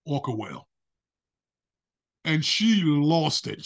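A man with a husky, slightly breathy voice that sits a bit higher than most men's. He tells a story on a podcast in a lively, casual way and acts out the other people's voices as he goes. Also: normal speed. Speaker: podcast guest.

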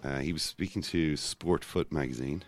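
A man co-hosting a casual football podcast, talking in rambling, self-interrupting runs with animated asides. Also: a bass voice, moderate pace, soft background music. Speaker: podcast co-host.

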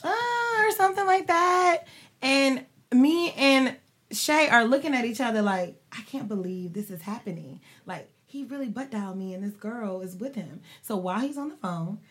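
A young woman hosting a podcast, telling a personal story in animated, casual chat full of slang. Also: mid-range voice, moderate pace. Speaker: podcast host.

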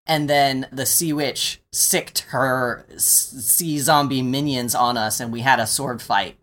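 Mid-pitched man, casual interview storyteller, relaxed and conversational. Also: slow pace. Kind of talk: personal storytelling.

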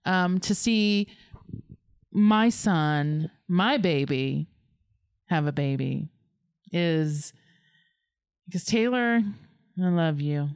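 Gushing grandmother-to-be, low voice. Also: expressive, drawn-out words, long pauses, a little mellow, smooth, no room sound, clean studio sound. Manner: gushing and emotional. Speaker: podcast guest, grandmother-to-be. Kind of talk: casual chat.

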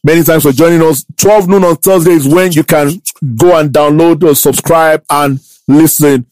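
Male sports podcast host, fairly high voice, dry close sound, animated and joking. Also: no room sound, poor audio. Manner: animated, playful, quick questions. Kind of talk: casual sports podcast chat.

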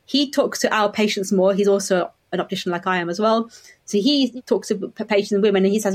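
A woman's voice: medium pitch, a little fast. A woman in her forties, an optometrist guest on a podcast, chatting and laughing as she tells stories. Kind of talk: podcast conversation.

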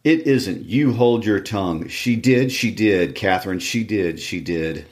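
A man's voice: fairly low pitch, measured pace, lightly acted. A man reading the lines of a sickly, spoiled boy in a petulant, insistent way.

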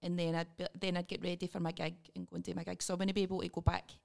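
A Scottish woman comedian hosting a podcast, chatting casually with wry, deadpan, sweary humor. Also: lowish voice, very fast, gravelly.

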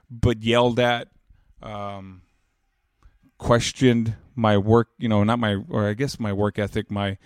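Recorded at studio quality with no room sound, a medium-pitched man in his thirties shares an emotional story earnestly and reflectively. His telling rambles with many restarts, and he gets louder and more emphatic when driving a point home.

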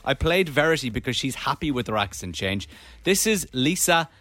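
A man's voice: medium pitch, normal speed, dry recording. A man co-hosting a radio podcast, chatting casually and telling stories with lots of laughs. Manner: lively, storytelling, laughs often.

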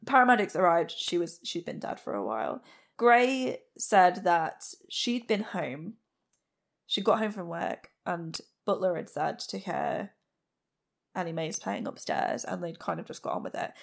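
A woman's voice: on the low side, lively intonation, a little slow, vocal fry. A woman hosting a true crime podcast, recounting a case in a plain-spoken, blunt way with frank asides. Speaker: podcast host.

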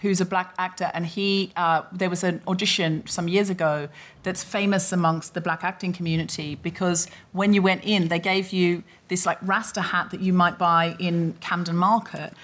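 A woman hosting a live podcast, asking questions and making quick jokes in casual conversation. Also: fairly low pitch, little pitch movement, a bit bright. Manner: quick, joking interviewer. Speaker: podcast host.

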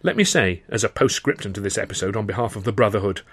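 A man's voice: on the low side, fast talker, fairly bright tone, husky, no echo. A man reading his own comic novel in the first person, in a wry, dryly comic storytelling manner. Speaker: author and reader.

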